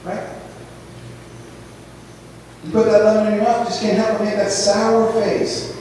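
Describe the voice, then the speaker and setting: A high-voiced man preaches in a relaxed, conversational way, slipping into storytelling. His voice comes from well off the mic and rings through a big echoey church hall. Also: unhurried, pauses often, recorded from a distance, a little hiss or hum. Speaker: pastor. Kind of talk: sermon. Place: church sanctuary.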